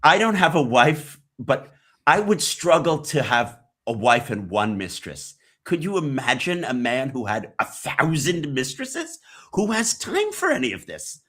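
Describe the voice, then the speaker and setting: A man's voice: medium pitch, big pitch swings, measured pace, fairly bright tone. A man who hosts a podcast, giving emphatic interview commentary full of rhetorical questions. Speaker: podcast host as guest.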